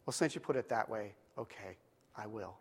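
A man's voice: fairly low pitch, moderate pace, slightly rough, voice pushed down. A man preacher voicing a shy, proud little girl who answers hesitantly and politely. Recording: long hall reverb.

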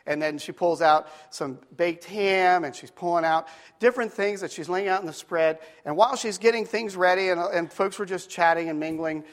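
A man's voice: sits high, normal speed, few pauses. A man preacher telling a story in a sermon, conversational, stretching out key phrases for emphasis, in a church. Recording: long hall reverb.

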